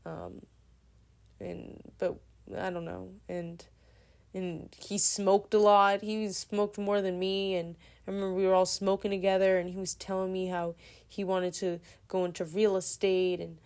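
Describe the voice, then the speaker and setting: A woman in her twenties telling a personal story casually, in a meandering, soft-spoken way. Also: medium pitch, flat delivery, unhurried, gravelly, smooth.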